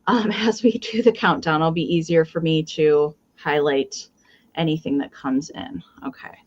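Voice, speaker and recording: A woman's voice: sits low, steady tone, normal speed, dull audio. A woman hosting a live online vintage sale, describing items and counting down bids in a chatty manner. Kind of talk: live auction selling.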